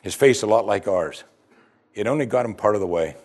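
A man's voice: on the low side, lively intonation, fairly quick, a little mellow. A man preaching a sermon, reading scripture aloud with dramatic emphasis. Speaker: pastor.

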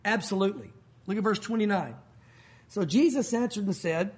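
A man's voice: sits high, fairly quick, darkish tone, breathy edge. A man preaching a sermon as pastor, conversational and emphatic, mixing jokes with teaching.

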